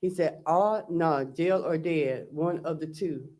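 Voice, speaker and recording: A woman's voice: low voice, slow, dark tone. A woman on the witness stand in a courtroom, recounting text messages and quoting both sides. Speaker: defendant testifying. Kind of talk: courtroom testimony.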